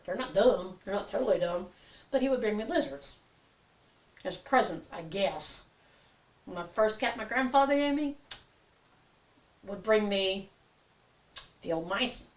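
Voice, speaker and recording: An older woman chatting in a rambling comic monologue, acting out little voices as she goes. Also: medium pitch. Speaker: comedy vlogger. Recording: echoey room, a bit far from mic.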